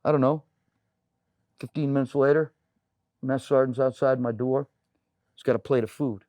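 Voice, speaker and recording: A man's voice: medium pitch, fairly even intonation, normal speed, mellow, no room sound. A middle-aged man from the United States, a political candidate, speaking earnestly and emphatically as a guest in a studio interview, with many "you know" fillers. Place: local TV studio.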